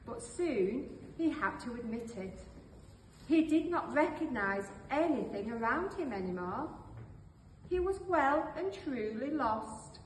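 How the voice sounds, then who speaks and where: A woman reading a storybook tale aloud slowly and expressively. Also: sits high, a little hiss or hum. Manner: slow, expressive. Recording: echoey hall, voice from far off.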